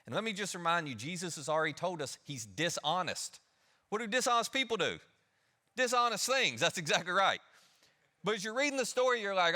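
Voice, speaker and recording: This male pastor's voice is high and sing-song, brisk, pushed and bright. He tells a story conversationally during his sermon, acting out the characters and asking the congregation questions.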